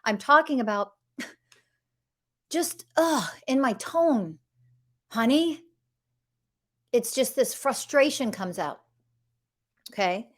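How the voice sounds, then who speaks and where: A woman's voice: on the high side, lively intonation, slow, long pauses. A middle-aged woman hosting a podcast, speaking bluntly and emphatically about emotional health and swearing freely. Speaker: podcast host.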